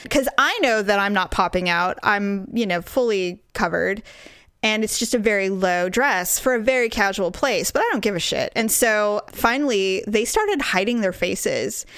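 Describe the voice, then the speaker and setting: A middle-aged woman telling a story in casual chat, animated and profane, acting out what people said. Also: medium pitch, no room sound, clean studio sound.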